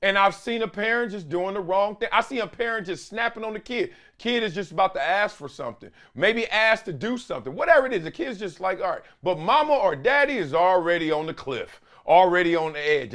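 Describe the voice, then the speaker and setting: Male host, high and swooping, emphatic slangy commentary. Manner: animated and emphatic, slangy, drawn-out for stress. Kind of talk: sports commentary monologue.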